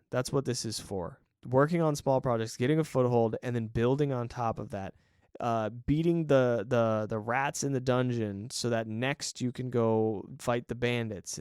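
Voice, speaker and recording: A man's voice: medium pitch, a little mellow, smooth, no echo, clean studio sound. A man hosting a solo podcast in a chatty, encouraging way, often correcting himself and laughing briefly. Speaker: podcast host. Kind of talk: casual solo podcast talk.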